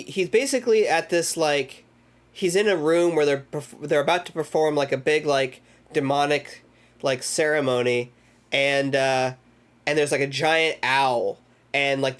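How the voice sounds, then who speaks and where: A man streaming live, casually recapping a horror movie with lots of swearing, loose rambling and acted-out quotes. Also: medium pitch. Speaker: streamer hosting a movie club.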